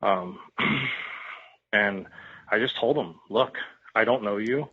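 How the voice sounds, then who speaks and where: Slow and low, with a breathy edge, a man opens up on a podcast about a raw personal story. He grows emotional, repeats himself, and swears without restraint, his voice sounding tinny as if over a phone.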